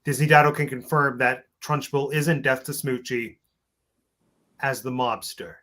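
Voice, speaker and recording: A man's voice: mid-range voice, steady tone, normal speed, fairly bright tone. Playful teasing man in casual chat. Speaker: podcast co-host. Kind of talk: casual film discussion.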